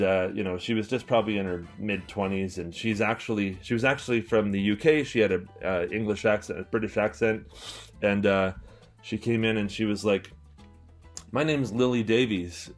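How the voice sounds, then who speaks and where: A young Canadian man with a low voice chats casually to camera about an album, enthusiastic and rambling, with many fillers and restarts. He is a record collector, store owner and channel host.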